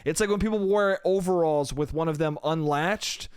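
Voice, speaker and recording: Smooth-voiced guy ranting, swearing constantly. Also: a little high, moderate pace, no echo, clean studio sound. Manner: profane, rambling, self-mocking, says dude and bro. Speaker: podcast host. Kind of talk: solo comedic podcast rant.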